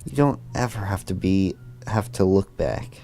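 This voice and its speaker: A man's voice: low-pitched, lively intonation, moderate pace, dark tone, soft background music. A man reading a cheerful schoolgirl friend. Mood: encouraging. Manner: upbeat, encouraging, read aloud from game text. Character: cheerful supportive young female schoolgirl friend. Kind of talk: reading visual novel dialogue.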